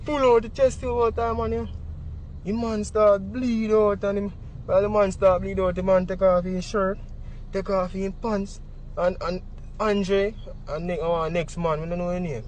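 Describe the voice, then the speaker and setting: A man's voice: high voice, flat delivery, normal speed, darkish tone, slight background noise. A man with a Jamaican accent giving a vivid eyewitness account in patois, acting out what others said. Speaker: witness.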